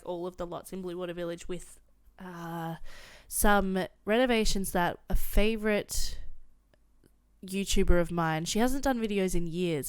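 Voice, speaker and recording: A woman's voice: mid-range voice, clear, resonant tone. A woman giving casual, giggly let's-play commentary, thinking aloud as she goes. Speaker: gameplay commentator.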